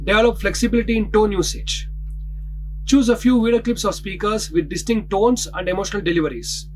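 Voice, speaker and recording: A man narrating a scripted lesson in a measured way, announcing each heading before explaining it. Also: high voice, slight background noise, rough recording. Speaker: instructor.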